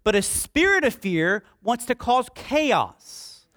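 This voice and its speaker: A man preaching a sermon with passion, swinging from loud declarations to hushed, pleading prayer. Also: very high voice, very animated, takes it slowly, no echo, clean studio sound. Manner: impassioned preaching, swinging from shouts to hushed pleas. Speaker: pastor.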